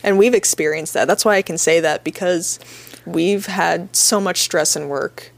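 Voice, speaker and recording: A young woman with a fairly low, gravelly voice co-hosts a podcast, reading listener questions aloud at a normal speed. She answers with earnest, supportive advice in a casual tone.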